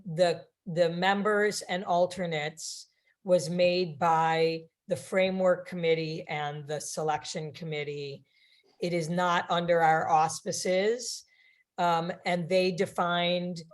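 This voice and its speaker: Lady running the meeting on a video call, talks slow, low voice, calm and procedural. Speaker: meeting facilitator.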